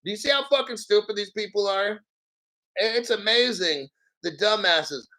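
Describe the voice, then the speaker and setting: Loud crude guy ranting on a crypto stream, highish voice, keeps clearing his throat, swears a lot. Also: normal speed, rough recording. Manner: brash, profane, mocking, clears throat often. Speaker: crypto YouTube host. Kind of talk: live-stream rant.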